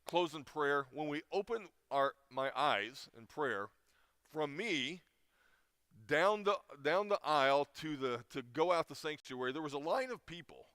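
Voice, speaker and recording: A man's voice: a little high, animated, measured pace, fairly bright tone, no room sound, studio quality. A middle-aged man giving an informal chapel talk, telling a personal story with feeling and frequent restarts. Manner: emotional storyteller with many restarts. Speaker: chapel speaker.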